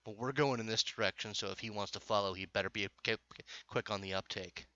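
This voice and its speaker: A woman's voice: rumbling low, fairly even intonation, rapid-fire, bright, forceful tone, dry recording, muffled recording. A man voicing a pushy, stern adult woman stranger who is clipped and firmly polite. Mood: curt.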